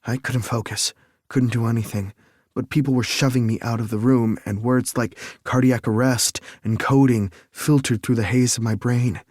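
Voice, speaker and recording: A man narrating a romance audiobook in first person, measured and even. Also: medium pitch, dry recording, clean studio sound.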